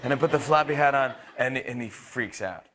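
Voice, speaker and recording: Casting: male talk host in his thirties, medium pitch, animated storyteller who jumps into impressions. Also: a crowd in the background. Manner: animated storyteller, quick impressions, frequent laughs and restarts. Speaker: late-night talk show host telling a story. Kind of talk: casual anecdote.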